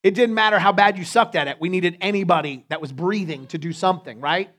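A male pastor preaching a sermon in a playful, joking manner with quick asides to the congregation. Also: high-pitched, fairly bright tone.

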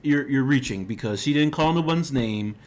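A man's voice: mid-range voice, expressive, normal speed, darkish tone. A man co-hosting a casual group debate, arguing back and pushing his point against the others. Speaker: podcast co-host.

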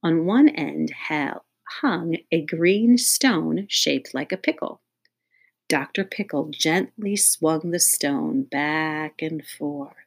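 A woman's voice: low voice, takes it slowly, vocal fry, slightly rough. A woman reading a children's audiobook aloud in a playful way, speaking directly to young listeners. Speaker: audiobook reader.

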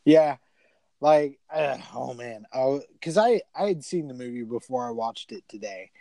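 A man's voice: medium pitch, a little slow, dark tone, no room sound. Rambling, cussing man, dry close sound. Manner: rambling and profane, heavy filler words. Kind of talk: casual movie review chat.

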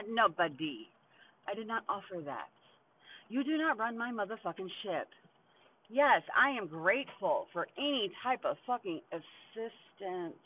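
A woman's voice: a little high, slight background noise. A woman in her forties talks straight into a tinny, phone-like recording, venting in a loose, casual monologue. She swears constantly and bluntly, breaking into short laughs between her lines. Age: 40s. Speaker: podcast host.

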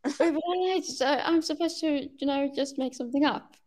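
A woman's voice: sits high, a little fast, darkish tone. A woman with a Swedish accent, Swedish her first language, chatting as a podcast guest and often stopping and restarting as she searches for words. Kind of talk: casual podcast chat.

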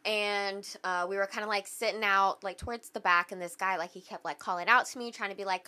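A woman's voice: medium pitch, fast talker, few pauses, pushed and bright. A woman co-hosting a casual podcast, telling a personal story in a loose way full of "like" and "you know what I mean". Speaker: podcast co-host.

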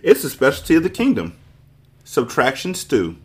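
A man's voice: medium pitch, wildly swooping pitch, moderate pace, voice pushed up. A man voicing a pleased, many-faced male geometric creature in a storybook, cheerfully pedantic.

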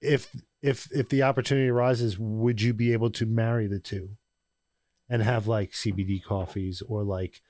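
A man's voice: fairly low pitch, steady tone, normal speed, a little mellow, dry recording, studio quality. A man co-hosting a podcast, joking, swearing casually and rambling through his questions. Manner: joking, profane, loose and rambling. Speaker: podcast co-host. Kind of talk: casual chat.

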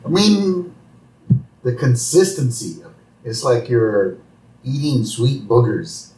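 A man's voice: medium pitch, lively intonation, slow pace, darkish tone. A man co-hosting a podcast, chatting casually and laughing while he recaps an episode. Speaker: podcast co-host. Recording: roomy, distant mic.

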